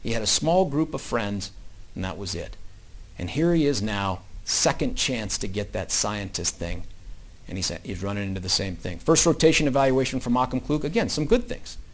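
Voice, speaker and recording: A prosecutor in a courtroom giving an opening statement, telling it as a story with loud emphatic bursts and low, quiet asides. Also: male voice, expressive, normal speed.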